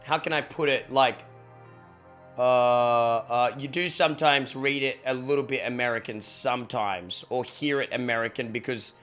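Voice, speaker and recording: A man's voice: medium pitch, steady tone, normal speed, a bit bright, faint music behind. Chatty Australian man, casual streamer. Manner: loose and chatty, swears, thanks viewers for subs. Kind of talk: casual live-stream chat.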